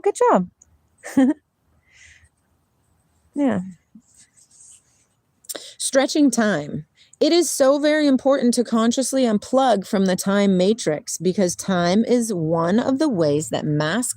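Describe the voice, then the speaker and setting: A middle-aged woman hosts a laid-back livestream outdoors near water, chatting, laughing a lot and reading spiritual passages aloud. Her voice is medium in pitch with a somewhat dark tone, and the sound is clean, studio-like and free of echo.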